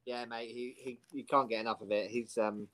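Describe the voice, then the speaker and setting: A man's voice: medium pitch, steady tone, fairly quick, fairly bright tone, a little hiss or hum. A man as co-host in a casual chat, talking in an upbeat way and laughing along.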